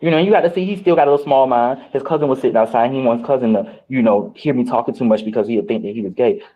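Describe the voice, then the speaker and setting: A man on a reality show after-show, telling candid stories in casual chat, animated and profane, with big swings in his voice. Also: mid-range voice, fast, low-quality recording. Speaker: reality show cast member.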